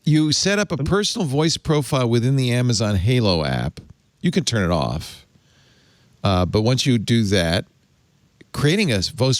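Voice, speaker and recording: A man's voice: mid-range voice, no room sound. A man hosting a tech talk show, reading press text aloud and mocking it with wry asides. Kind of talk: casual panel chat.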